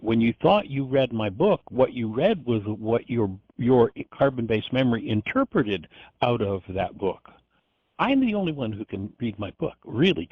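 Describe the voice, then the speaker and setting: The older male radio host delivers a reflective spiritual talk, weaving in stories and often starting over. He speaks at a medium pitch with a slightly rough edge, captured in a dry, dull, lo-fi radio recording.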